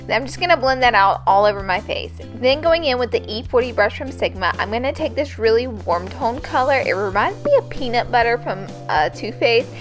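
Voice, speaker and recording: A young woman chatting through a casual makeup tutorial, bubbly and gushing as she talks. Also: medium pitch. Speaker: beauty YouTuber.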